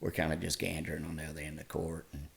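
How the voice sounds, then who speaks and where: Middle-aged male guest, very low gravelly voice, folksy storyteller. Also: very fast. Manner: folksy, animated retelling with laughs. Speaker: podcast guest. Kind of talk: casual storytelling.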